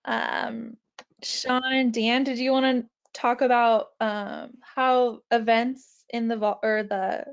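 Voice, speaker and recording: A woman moderating a panel discussion, unhurried as she hands off to the panelists. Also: fairly high pitch, little pitch movement, vocal fry, clear, resonant tone. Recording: slightly dull lo-fi audio.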